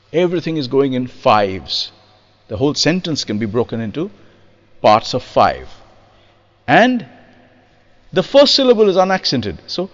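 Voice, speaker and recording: A man giving a spoken music lesson on rhythm, lively and demonstrative, acting out examples and reciting verse in a studio. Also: mid-range voice, measured pace, pauses often, long reverb tail, muffled recording. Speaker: percussionist explaining rhythm.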